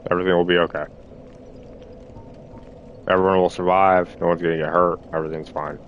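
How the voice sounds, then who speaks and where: A man rambling through a halting monologue, repeating himself, restarting phrases and swearing as he tries to reassure himself. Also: deep voice, flat delivery, muffled recording, a little hiss or hum. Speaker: streamer.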